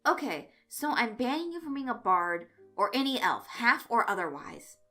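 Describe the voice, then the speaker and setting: A woman's voice: a little high, sing-song, normal speed, sharp tone, faint music behind. A woman doing a flustered teenage boy game master. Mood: earnest. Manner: stammering when flustered.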